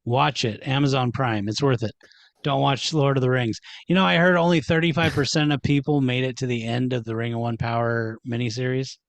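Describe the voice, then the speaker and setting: A man co-hosting a casual podcast chat, animated and joking, swearing freely. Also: medium pitch, dry recording. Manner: animated, swearing, quick to joke. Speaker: podcast co-host.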